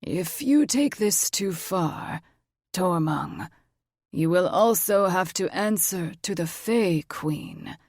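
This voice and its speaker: A wise old dragon grandfather, measured and quietly warning, read by a woman. The slow delivery comes through a dry, close recording. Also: on the low side, lively intonation, dry recording, heavily acted. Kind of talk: audiobook character voice.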